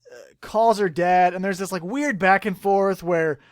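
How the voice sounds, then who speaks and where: A high-pitched man hosting a casual podcast. He tells the story in an animated, rambling way and swears freely. The recording is dry and close. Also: normal speed, no echo. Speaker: podcast host. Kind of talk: casual chat.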